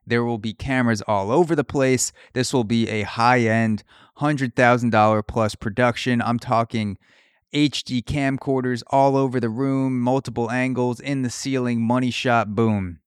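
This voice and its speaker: A man's voice: mid-range voice, fairly even intonation, normal speed, clean tone, dry recording. A man riffing through a profane comedic monologue as a podcast host. His voice sits in a middle register, and the sound is dry and close to the mic.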